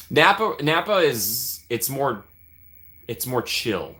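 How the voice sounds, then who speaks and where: A man's voice: medium pitch, sing-song, slow, pushed and bright. A man hosting a casual live stream, chatting with viewers by name and laughing often.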